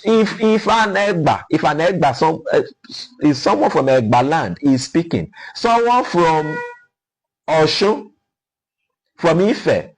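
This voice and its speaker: High lively husky Nigerian man. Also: measured pace, hardly any pauses, rough recording. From Nigeria (Ukwuani, Delta). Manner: lecturing, sounds out example words. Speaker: guest. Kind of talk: explaining conversation.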